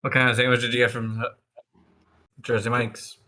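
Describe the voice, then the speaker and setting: A man's voice: medium pitch, level tone, normal speed, bright, forceful tone. A man chatting with friends before a tabletop game session, laughing often.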